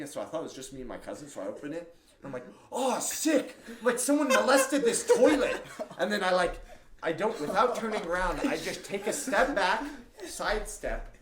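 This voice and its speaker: A young man co-hosting a casual podcast, telling a story with animated delivery and loud acted-out quotes. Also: on the high side. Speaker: podcast co-host. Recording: roomy echo.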